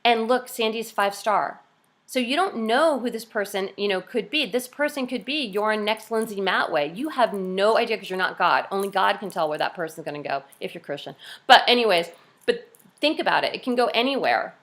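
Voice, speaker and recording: A woman's voice: lively intonation, moderate pace, fairly bright tone. Woman, fitness coach, chatty, upbeat, team video call. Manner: chatty and upbeat, acts out cheerful quotes in a high voice.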